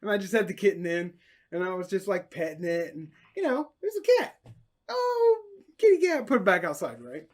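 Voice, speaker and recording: A man's voice: high-pitched, sing-song, brisk. A man co-hosting a casual podcast chat, laid-back and teasing, laughing along with his co-host.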